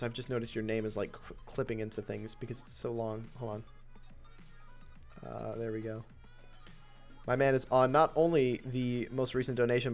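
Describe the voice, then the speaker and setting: A man's voice: mid-range voice, darkish tone. Chatty male streamer, faint music behind. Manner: chatty, laughs often, thanks donors. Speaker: streamer and host. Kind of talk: casual live-stream commentary.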